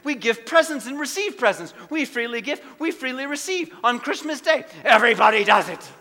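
Impassioned high-voiced male preacher. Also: expressive, fairly quick, big-room sound. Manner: impassioned, swinging between hushed and loud. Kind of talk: sermon. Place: church.

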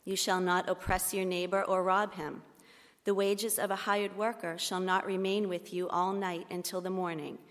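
A woman reading scripture aloud in a church service, measured and solemn. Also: lowish voice, level tone. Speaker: lector. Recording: long reverb of a church hall.

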